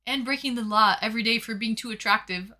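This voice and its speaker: A young woman hosts a casual livestream from home, reading her chat messages aloud in a chatty, playful way. Her voice is fairly high, her pace quick, and her tone sharp.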